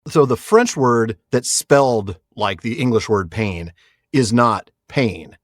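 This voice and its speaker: Animated, slightly husky podcast host. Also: male voice, mid-range voice, no echo, clean studio sound. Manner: animated, quick to laugh along. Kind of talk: casual podcast chat.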